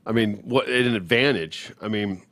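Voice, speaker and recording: A man's voice: moderate pace, no room sound. A tired man co-hosting a podcast, chatting easily and explaining sports details. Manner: easygoing, explains sports details, lively pitch. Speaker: podcast co-host. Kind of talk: casual chat.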